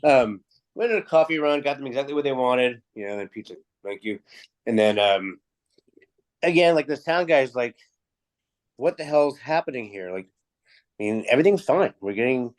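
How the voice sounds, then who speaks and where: A man, a music promoter, telling animated backstage anecdotes in a casual interview, acting out dialogue and swearing freely. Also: medium pitch, moderate pace.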